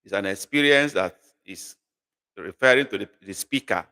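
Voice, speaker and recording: A man's voice: on the low side, lively intonation, normal speed, bright, forceful tone. A man teaching a live online language class, patiently repeating phrases and coaxing learners to guess. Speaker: language tutor. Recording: long reverb.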